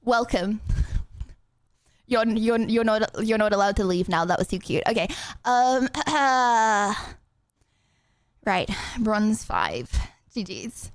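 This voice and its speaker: A young English woman streaming a game, chatting bubbly and fast with lots of fillers and giggles. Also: mid-range voice, expressive, dry recording. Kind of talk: casual live-stream chatter.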